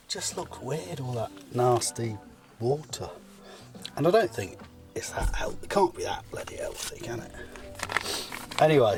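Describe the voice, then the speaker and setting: A man talks slowly in a lowish voice as he cooks pasta outdoors, making fun of himself and wandering off topic. Music plays clearly under his voice. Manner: self-mocking, rambling, swears lightly. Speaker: vlogger. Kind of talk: casual talk while cooking. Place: forest campsite by a car, outdoors.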